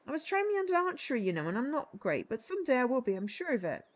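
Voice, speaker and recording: A woman voicing a nearsighted, clumsy young man who talks in a high, eager, bumbling way in a narrative game. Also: big pitch swings, quick pace. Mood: flustered.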